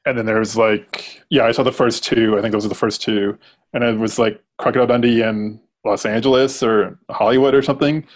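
A man co-hosting a casual movie chat, easygoing and quick to agree, laughing softly. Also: lowish voice, fairly even intonation. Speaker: podcast co-host.

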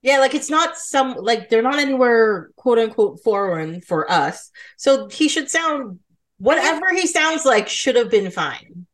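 A woman's voice: fairly high pitch, big pitch swings, measured pace. A woman guest on a podcast, talking in an easygoing, matter-of-fact way in a casual movie chat.

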